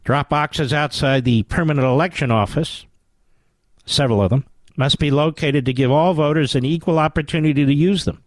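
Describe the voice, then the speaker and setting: A man's voice: a little high, moderate pace, no room sound. A man with a Philadelphia accent hosting a talk radio show, delivering a sarcastic, combative monologue.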